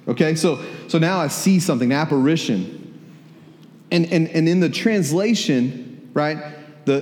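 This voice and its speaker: In an echoey church hall, a pastor preaches conversationally, repeating words and quizzing the congregation. His voice is fairly high-pitched with a darkish tone.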